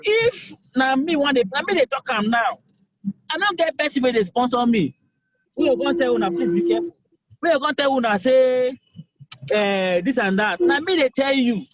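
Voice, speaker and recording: A young Nigerian man with a strikingly high voice, pleading his case to voters with emphatic repetition. A faint hiss of noise sits under his voice. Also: lively intonation, normal speed, low-quality recording. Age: young adult. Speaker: governorship aspirant. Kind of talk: campaign call-in interview.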